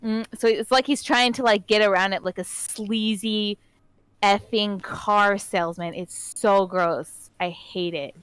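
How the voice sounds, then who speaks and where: A woman's voice: mid-range voice, steady tone, unhurried, a bit bright, clear, resonant tone, dry recording. A young woman co-hosting a casual podcast, ranting with frequent laughter. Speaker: podcast co-host. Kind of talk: casual chat and ranting commentary.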